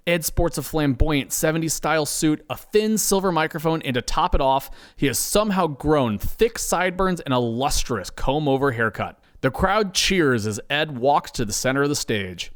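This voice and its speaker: A man narrating a comedic audio story in a playful, animated way. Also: on the high side, normal speed.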